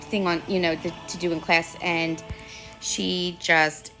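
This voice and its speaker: A woman retelling a story about her child's school day in a casual, rambling way, full of fillers and quick turns into quoted voices. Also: on the low side, little pitch movement, pushed and bright, soft background music. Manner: chatty, rambling retelling full of "you know" and "like"; slips into quoted voices for others. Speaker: parent telling a school story.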